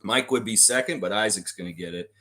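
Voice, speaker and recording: A man's voice: lowish voice, a little fast, sharp tone. A man hosting a live trivia stream, reading out questions and answering the chat as he goes.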